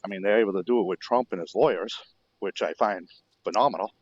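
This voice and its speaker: Lower-voiced man on a dull phone line. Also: fast. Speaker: caller. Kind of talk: casual chat.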